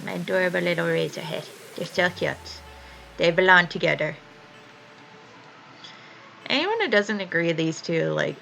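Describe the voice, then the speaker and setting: A woman's voice: on the low side, vocal fry, poor audio. A young woman chatting casually while she draws on stream, telling stories with lots of swearing. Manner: chatty, swears freely, animated storytelling. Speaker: art streamer. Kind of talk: casual chat while drawing.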